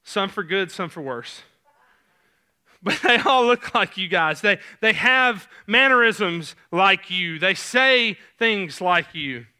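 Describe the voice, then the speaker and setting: A man's voice: high voice, lively intonation, takes it slowly, pushed and bright, clean tone. A man with a Southern US accent, a youth pastor preaching a sermon in a casual, conversational way with many fillers. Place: church sanctuary stage.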